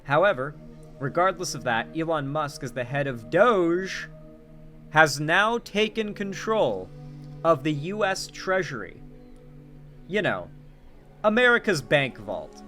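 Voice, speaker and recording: A young man giving casual political commentary, sarcastic and animated, swinging between loud emphasis and quiet asides. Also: fairly high pitch, takes it slowly, long pauses, faint music behind.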